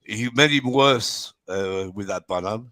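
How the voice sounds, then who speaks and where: A man hosting a casual football fan livestream, talking in a halting way with many fillers and restarts. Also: on the low side, pushed and bright, no echo. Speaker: host of fan channel livestream. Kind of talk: casual heated fan debate.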